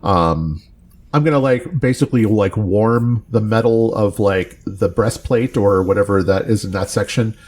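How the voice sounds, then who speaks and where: A man's voice: lowish voice, normal speed, darkish tone. A man taking his turn as a player, casually and hesitantly, with many fillers. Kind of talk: casual chat.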